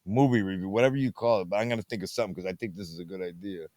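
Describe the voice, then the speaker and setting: A low-pitched, slightly mellow male voice rattles on rapid-fire with hardly any pauses, on a dry recording. Hosting a late-night movie review show from home at night while fiddling with a tablet, he rambles casually, repeats catchphrases, and wanders off on tangents.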